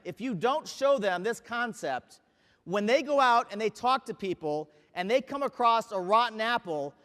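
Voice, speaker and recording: A man's voice: very high-pitched, a bit bright, long reverb tail. A man giving a motivational sales training talk, emphatic and often asking his audience questions.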